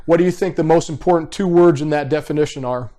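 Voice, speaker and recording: A man in his thirties teaching a live online class through a computer mic, his voice pitched a little above the usual for a man. He talks casually and directly and keeps checking in with his students. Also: fast, dark tone. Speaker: behavior profiling instructor.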